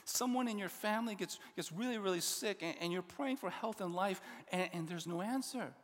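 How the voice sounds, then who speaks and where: A pastor preaching a sermon, expressive, often dropping to a hushed voice for emphasis. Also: male voice, sits high, a little fast. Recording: long reverb of a large hall.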